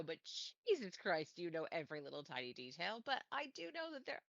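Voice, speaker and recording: A woman's voice: on the low side, wildly swooping pitch, brisk, creaky, no echo, dull audio. A woman co-hosting a podcast in casual chat, teasing and laughing through playful banter. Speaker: podcast co-host.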